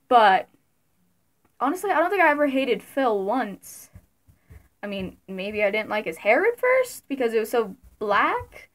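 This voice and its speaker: A young woman vlogging casually about her favorite creators, giggly and excitable, with sudden loud bursts. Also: fairly high pitch, measured pace. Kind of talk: casual fan commentary.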